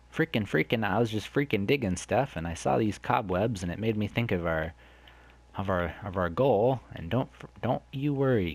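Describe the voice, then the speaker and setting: A man hosting a let's play, chatting to viewers in a rambling way and exclaiming loudly when something surprises him. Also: fairly low pitch. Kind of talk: gameplay commentary.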